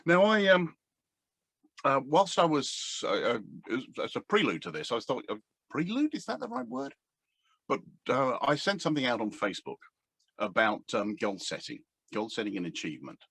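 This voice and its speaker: A man's voice: medium pitch, very animated, normal speed, gravelly, fairly bright tone, slightly rough, dry recording. A middle-aged man, a coach, talking casually to a camera on his table, rambling and hesitant with many fillers. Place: indoors at a table. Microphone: camera standing on the table.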